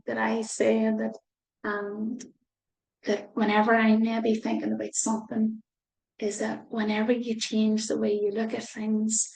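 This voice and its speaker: Gravelly woman reading to children. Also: on the high side. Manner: gentle, pauses to explain and reflect. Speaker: children's mindset teacher. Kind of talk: reading a storybook aloud to children. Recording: roomy echo.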